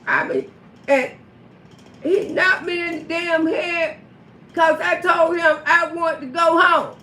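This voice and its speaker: High bright woman storytelling on a live, cussing and laughing, aave, echoey room, little hiss. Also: slow. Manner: profane, animated, laughing often. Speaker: livestream storyteller. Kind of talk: casual storytelling on a livestream.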